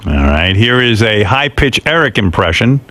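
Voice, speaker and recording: A man's voice: fairly low pitch, sing-song, moderate pace, pushed and bright. A man hosting a radio show in casual, wry banter. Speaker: radio host.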